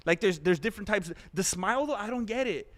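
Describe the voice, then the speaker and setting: A man giving casual, animated commentary on a live stream while watching fights, chatting and laughing often. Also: sits high, fast talker.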